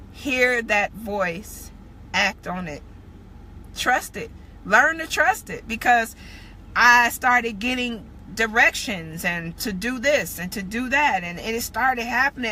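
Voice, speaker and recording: A woman's voice: fairly high pitch, slow, pushed and bright, slight background noise. A woman giving a candid spiritual testimony on a live stream, preaching in a casual way and swearing freely. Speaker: spiritual teacher.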